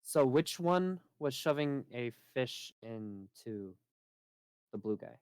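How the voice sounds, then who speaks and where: Man, game master, slow, deliberate, mid-pitched, dry close sound. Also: clear, resonant tone, no room sound, poor audio. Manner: calm, measured rulings with dry jokes. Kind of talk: narrating a tabletop game over a stream.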